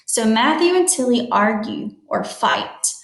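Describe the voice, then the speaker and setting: A woman's voice: fairly high pitch, expressive, gravelly, reverberant. Woman reading a picture book to kids. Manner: slow, explains words to young listeners. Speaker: storytime reader.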